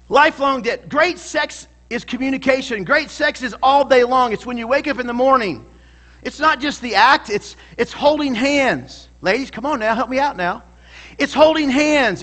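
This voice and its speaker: A man's voice: very high voice, bright, forceful tone. A male pastor preaching a sermon in a church, emphatic and calling out to the congregation for responses.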